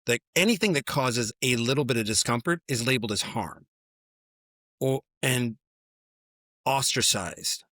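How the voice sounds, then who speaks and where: A man's voice: mid-range voice, animated, measured pace, long pauses, pushed and bright, dry recording, studio quality. A man hosting a podcast who asks questions with energy and often restarts his sentences. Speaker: podcast host. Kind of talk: casual interview conversation.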